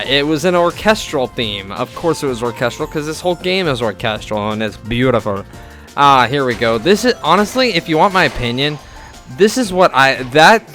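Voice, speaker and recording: A young man giving casual let's-play commentary, rambling and halting with lots of fillers and restarts. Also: medium pitch, fairly bright tone. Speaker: gameplay commentator.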